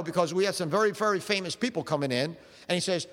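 Guy preaching, high voice, folksy rambling stories w/ amens, big echoey hall. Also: animated, fast, a bit bright. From South Jersey. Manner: folksy, rambling, punctuated with "amen". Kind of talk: storytelling sermon.

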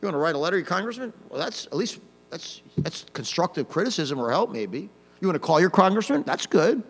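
Pastor, hellfire sermon, mocking asides; high, animated voice, big hall reverb. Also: male voice, fast, breathy edge. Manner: swings from quiet to loud, mocking asides. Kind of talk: old-fashioned hellfire sermon.

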